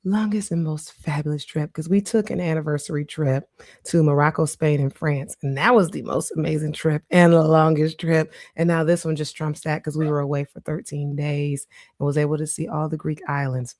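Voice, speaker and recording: A woman's voice: sits low, moderate pace, dry recording, clean studio sound. A middle-aged woman hosting her own podcast, talking casually and laughing often as she shares personal stories. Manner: warm, chatty, laughs often. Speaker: podcast host. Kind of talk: casual solo podcast monologue.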